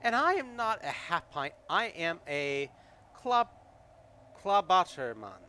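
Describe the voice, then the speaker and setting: A man putting on a shrill little kobold. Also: very animated, slow, pushed and bright, a little hiss or hum, exaggerated voice. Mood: proud. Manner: shrill, indignant, fussy. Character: moody half-mad little old male kobold.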